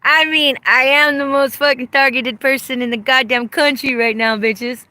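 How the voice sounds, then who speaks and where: High, bright-voiced woman ranting profanely. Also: fairly even intonation, moderate pace, dry recording. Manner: profane, angry, accusatory. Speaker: vlogger. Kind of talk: ranting vlog monologue. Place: outdoors.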